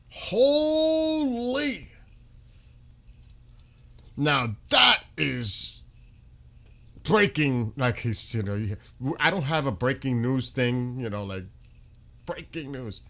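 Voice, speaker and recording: A man's voice: mid-range voice, lively intonation, unhurried, sharp tone. A man reacting to news on a live stream, exclaiming in disbelief and swearing now and then.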